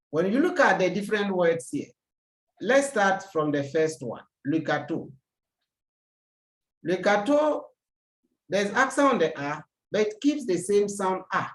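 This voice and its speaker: A French teacher giving a recorded language lesson, slow and deliberate, repeating each example word. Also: medium pitch, reverberant.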